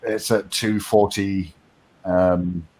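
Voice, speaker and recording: New Hampshire guy hosting a loose online hangout, chatty and quick to laugh at himself. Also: sits low, little pitch movement, a little mellow, low-quality recording. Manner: rambling, self-deprecating, laughs often. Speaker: stream host. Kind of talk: casual chat.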